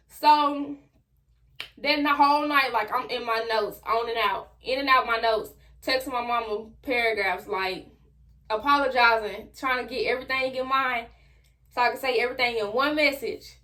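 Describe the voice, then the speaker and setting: A young adult woman telling a personal story straight to her viewers in a casual, slangy, animated way. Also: on the high side, normal speed. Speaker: vlogger.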